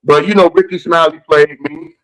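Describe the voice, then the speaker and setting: A man's voice: fairly high pitch, fairly even intonation, normal speed, a bit bright, rough recording. Blunt, profane man telling stories. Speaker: comedian guest. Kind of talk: casual podcast chat.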